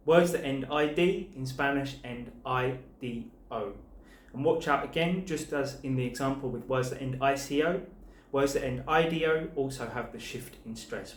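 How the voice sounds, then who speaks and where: A man teaching a language lesson, spelling out word endings letter by letter and pairing each word with its translation in a clear, measured way. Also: mid-range voice, roomy sound. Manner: clear, slow spelling-out of letters and paired words. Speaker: Spanish teacher.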